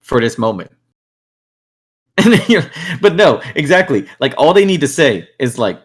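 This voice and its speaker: Animated young man telling stories. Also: medium pitch, moderate pace, breathy edge. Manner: animated storytelling, acts out friends' voices, laughs often. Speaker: podcast host. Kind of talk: casual chat.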